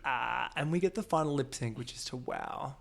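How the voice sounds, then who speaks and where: In a gravelly mid-range voice, the host gossips with his guest about a reality show. The conversation is casual, full of quick reactions.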